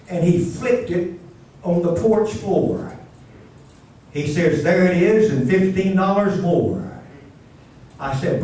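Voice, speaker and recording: A man's voice: high voice, a little mellow, a little hiss or hum. An older man preaching, telling a personal testimony in a folksy, emotional way with stammering restarts. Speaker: pastor. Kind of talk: storytelling sermon. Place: church sanctuary. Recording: echoey church from far off.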